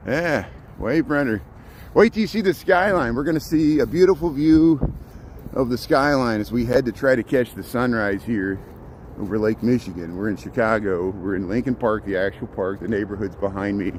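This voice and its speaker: A man's voice: mid-range voice, normal speed, a little mellow. A man talks as he walks through a city park at dawn, filming on a handheld phone and chatting to his livestream viewers. He rambles, repeating words and restarting his sentences, and sounds a little out of breath. Traffic hum and street sounds sit faintly behind his voice. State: slightly out of breath from walking. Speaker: walking livestream host. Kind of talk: casual live walking commentary.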